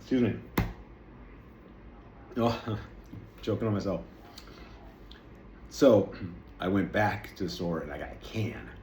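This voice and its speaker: Low-voiced guy rambling about snacks, echoey room, bit of hiss. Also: expressive, slow, pauses often, darkish tone. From United States. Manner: rambling, chatty, self-deprecating. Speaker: vlogger. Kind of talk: casual food-tasting chat. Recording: echoey room with faint noise.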